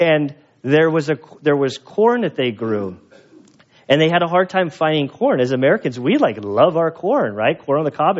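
A man preaching a sermon as pastor, telling stories in an animated way and acting out the voices of the people in them. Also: high voice, dull audio. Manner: animated storyteller, acts out quoted voices. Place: church.

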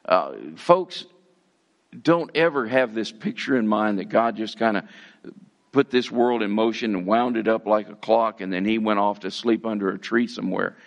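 A man's voice: on the low side, moderate pace, vocal fry. A man preaching a sermon in a conversational, folksy way. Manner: conversational, with fillers and folksy phrases. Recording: slightly dull, muffled sound.

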